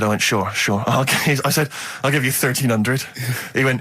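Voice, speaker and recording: A man's voice: medium pitch, brisk, a bit bright. A man co-hosting a radio show, telling self-deprecating stories in casual studio chat. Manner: self-deprecating storytelling, laughing at himself. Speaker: radio co-host. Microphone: studio microphone.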